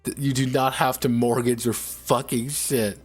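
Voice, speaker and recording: A man's voice: mid-range voice, fairly even intonation, unhurried, husky, faint music behind. A man streaming, ranting casually in a sarcastic, profane way, rambling with frequent restarts.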